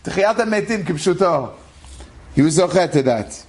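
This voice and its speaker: A man, a rabbi, telling an inspirational story in an animated way, acting out the quotes and using many Hebrew terms. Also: sits high, moderate pace. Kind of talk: storytelling with a moral lesson.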